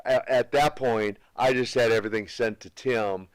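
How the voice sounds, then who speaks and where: A man's voice: mid-range voice, fairly even intonation, normal speed, no echo. A man in his sixties, a former pro wrestler as guest, telling long anecdotes in a casual, rambling way with restarts. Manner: rambling, self-repeating anecdotes. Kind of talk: casual storytelling interview.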